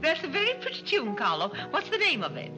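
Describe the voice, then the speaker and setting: A giddy, chattering society matron. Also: female voice, high voice, wildly swooping pitch, fast talker. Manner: giddy, rambling, airheaded chatter. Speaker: scatterbrained society mother. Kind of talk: 1930s screwball film acting. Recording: muffled 1930s film soundtrack with music.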